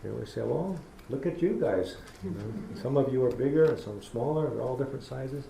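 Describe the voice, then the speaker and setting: A middle-aged man lectures publicly in a university hall, spinning folksy stories and acting out the way he speaks to children. His mid-range voice is expressive, fairly quick, creaky, and dark in tone. The audio echoes around the hall with faint background noise.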